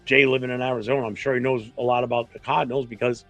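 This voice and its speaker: A man with a New England accent hosting a casual fan talk stream, blunt, opinionated and quick to swear. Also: mid-range voice, level tone, fairly bright tone, highs cut off, faint music behind. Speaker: fan show host.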